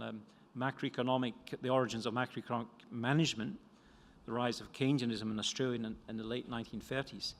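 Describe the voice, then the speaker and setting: A man's voice: mid-range voice, fairly bright tone. Older scottish guy at a conference, jokey and rambling, voice rings around the lecture hall. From Scotland. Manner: rambling, self-deprecating, many restarts. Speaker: economist presenting a book. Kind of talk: conference talk.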